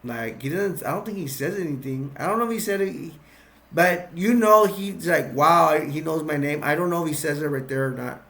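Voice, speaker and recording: A man casually retelling a movie plot, rambling and excitable, with restarts and sound effects. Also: on the high side, brisk. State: sugar-boosted, energetic. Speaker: movie recap vlogger.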